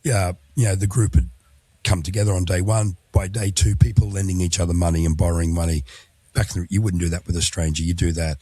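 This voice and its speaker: A very low-voiced man hosts a conversation about travel, speaking in a measured, reflective way with small fillers. His voice sounds dry and close, with little room around it. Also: little pitch movement, warm tone, slightly rough, no room sound. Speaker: interview host, former tour guide. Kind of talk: conversational interview.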